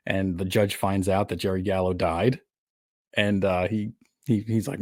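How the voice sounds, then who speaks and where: A man with a lowish voice co-hosts a casual movie podcast, retelling film scenes with lively, amused energy. The sound is dry and close, with no room around him. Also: measured pace, dry recording. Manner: animated storyteller, laughs at his own retellings. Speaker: podcast co-host. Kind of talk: casual film review chat.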